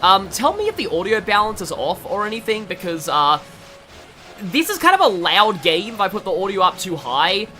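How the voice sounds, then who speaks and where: Chatty Australian man with lively voice. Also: sits high, normal speed. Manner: rambling, chatty, laughs often, many fillers. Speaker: gaming video host. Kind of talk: casual game commentary. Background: faint game music.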